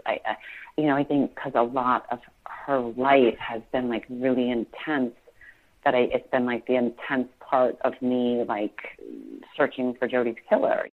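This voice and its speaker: Guest voice: woman in her 40s, low register, halting speech full of restarts, heard over a phone-thin line. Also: steady tone, narrow, tinny audio. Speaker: podcast guest. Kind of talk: emotional personal interview.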